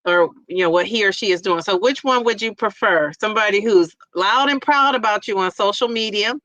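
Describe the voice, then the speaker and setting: A woman hosting a casual live chat stream, reading out viewer comments in a playful, excitable and teasing way. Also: mid-range voice, fairly quick, dry recording, poor audio.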